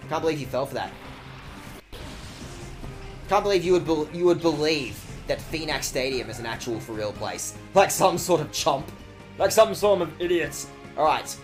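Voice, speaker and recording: A man casually commentating his game stream in a playful, rambling way, swearing freely. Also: mid-range voice. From Australia.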